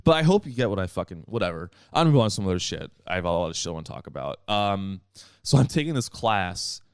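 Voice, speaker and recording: A man's voice: low-pitched, very animated, fast talker, clear, resonant tone, dry recording, studio quality. Rambling, profane young man ranting. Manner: rambling and profane, with many restarts and fillers. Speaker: podcast host. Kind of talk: solo comedy podcast rant.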